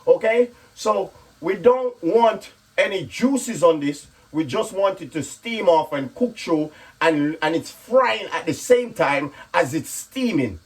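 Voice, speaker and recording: A man with a slightly husky voice chats his way through a home cooking video, explaining each step. He keeps checking in with a quick "okay?" and stays relaxed and talkative in his own kitchen. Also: sits high. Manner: chatty, repeats "okay?" often. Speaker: comedian and cooking vlogger. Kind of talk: casual cooking vlog chat.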